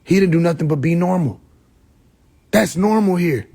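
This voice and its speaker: A man hosting a casual livestream, ranting with lots of swearing and mocking laughter, swinging between loud outbursts and mutters. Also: on the high side, lively intonation, moderate pace, creaky, husky. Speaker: livestream host. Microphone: phone.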